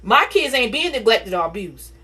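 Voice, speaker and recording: A woman on a phone livestream, telling a painful personal story in a rapid, repetitive, earnest way. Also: a little high, big pitch swings, bright, forceful tone, slightly rough. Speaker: livestream host.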